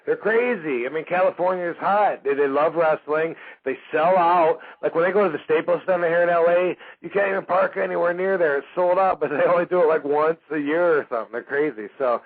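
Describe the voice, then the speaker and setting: Barely pausing, a Michigan radio host talks fairly quickly in a fairly high voice as he tells a casual, animated story, acting out the quoted voices and using lots of fillers. The recording is phone-like narrow-band radio audio.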